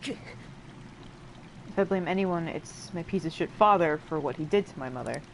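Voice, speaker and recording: A woman's voice: sits low, slight background noise, poor audio. Chatty woman narrating a game playthrough. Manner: chatty, rambling, many fillers and self-interruptions; paraphrases game dialogue in quick lively asides. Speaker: let's play host translating a game. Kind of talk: casual gameplay commentary.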